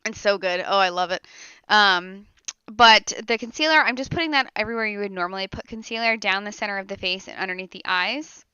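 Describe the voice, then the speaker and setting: A woman's voice: mid-range voice, fairly quick, pushed and bright, smooth, dry recording, muffled recording. A young woman doing a casual makeup tutorial voiceover while sick. She sounds a little nasal and rambles with fillers and giggles. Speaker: beauty vlogger. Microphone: close voiceover mic.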